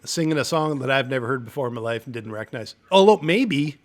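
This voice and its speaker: A man's voice: mid-range voice, lively intonation, quick pace. A man from Canada with a Canadian accent, co-hosting a podcast in easygoing casual chat, laughing often. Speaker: podcast co-host.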